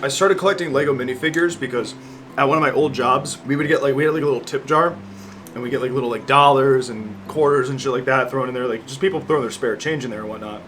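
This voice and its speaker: A man's voice: medium pitch, fast talker, fairly bright tone, slight background noise. A young man in his twenties chatting casually as a vlogger, rambling and joking with lots of fillers and swearing. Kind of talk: casual chat.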